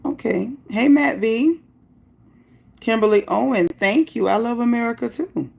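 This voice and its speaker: Woman streamer, gravelly voice, blunt and opinionated, shouting out chatters by name. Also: on the high side, expressive, unhurried. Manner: blunt, opinionated, firm with chat rules; greets viewers by name, upbeat bursts. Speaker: livestream host. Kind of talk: live chat commentary, reading viewer comments.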